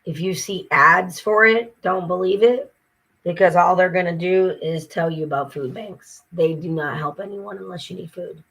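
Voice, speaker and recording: A woman's voice: fairly low pitch, normal speed, vocal fry, fairly bright tone, breathy edge, poor audio. An exhausted woman talking casually to her viewers, weary and frustrated, venting with mocking asides. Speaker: vlogger. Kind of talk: casual talk to camera.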